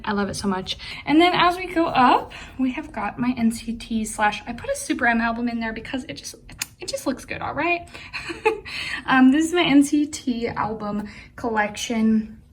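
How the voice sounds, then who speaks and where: A woman's voice: fairly high pitch, fairly bright tone, slight background noise. A young woman giving a casual room tour of her collection at home, bubbly and gushing, laughing often. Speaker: vlogger showing her collection.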